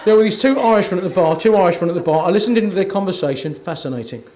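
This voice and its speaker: A man's voice: high-pitched, animated, rapid-fire, a little mellow. A man from Kent doing a cheeky, self-mocking stand-up routine at an awards dinner in a hotel function room. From Kent, England. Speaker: after-dinner comedian.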